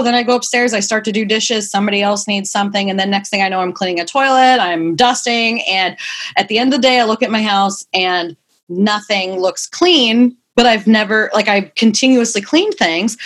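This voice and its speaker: Young mother, breathy and candid. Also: medium pitch, fairly bright tone. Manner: candid, rambling, swears casually. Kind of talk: casual chat.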